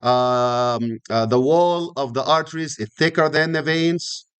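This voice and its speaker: A man's voice: medium pitch, a little slow, fairly bright tone, smooth. A middle-aged man lecturing on anatomy, repeating key terms and asking students frequent questions. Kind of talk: classroom lecture.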